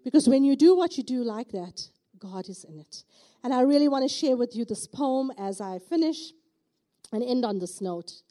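With a slightly high, warm voice, a middle-aged South African woman preaches her testimony at a moderate pace. She sounds animated and emphatic, peppering her talk with rhetorical "okay?" questions aimed at the congregation.

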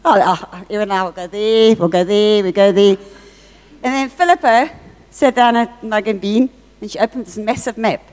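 A woman's voice: medium pitch, normal speed, smooth. Earnest woman in reverberant hall. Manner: earnest, animated storytelling with reported dialogue. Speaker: church speaker sharing a testimony. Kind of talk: testimony talk at a church.

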